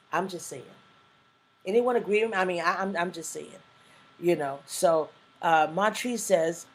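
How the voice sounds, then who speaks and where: A woman's voice: mid-range voice, breathy edge, rough recording. A woman hosting a live talk stream, chatting casually and reading viewer comments aloud with emphatic, preacher-like asides. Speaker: livestream talk show host.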